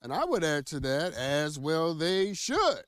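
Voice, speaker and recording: A man hosting an opinionated news commentary show, teasing and animated, full of rhetorical questions and playful asides. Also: on the high side, measured pace, clear, resonant tone, dry recording, studio quality.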